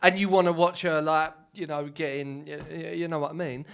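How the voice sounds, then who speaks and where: A young man, co-hosting a podcast in casual banter, an animated storyteller who swears freely. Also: on the high side, fairly quick, creaky, noisy background. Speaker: podcast co-host.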